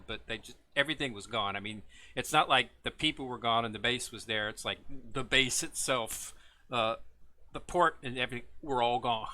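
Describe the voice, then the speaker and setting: A gaming video host with a bright, forward voice casually guides viewers through a game's new event without a script. Relaxed and rambling, he leans on plenty of "uh" and "um" and stumbles over difficult foreign names, his pitch squarely mid-range for a man.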